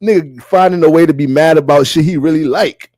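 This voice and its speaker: A man giving a casual astrology reading, talking in a loose, profane and animated way. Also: a little high, a little fast, no room sound.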